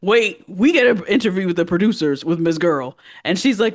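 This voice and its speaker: A woman co-hosting a podcast, reacting quickly and expressively, often laughing. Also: on the low side, expressive. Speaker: podcast co-host. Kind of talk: casual recap chat.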